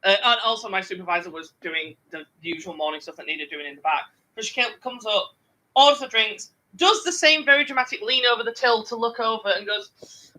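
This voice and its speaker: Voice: mid-range voice, animated, fairly quick, pushed and bright, low-quality recording. A podcast co-host telling a work story in casual, sweary chat and mimicking customers.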